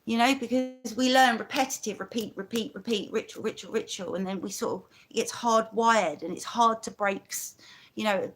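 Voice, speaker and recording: London woman, live-stream host, chatty and rambling, slightly high-pitched. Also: moderate pace, a bit bright. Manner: rambling and chatty, full of "you know" asides. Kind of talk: casual live-stream monologue.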